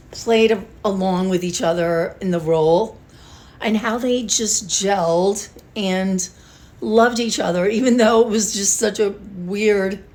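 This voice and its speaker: A woman's voice: mid-range voice, darkish tone. An older woman talking casually and emotionally to her viewers, rambling with sighs and restarts. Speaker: beauty vlogger. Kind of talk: casual talk to camera.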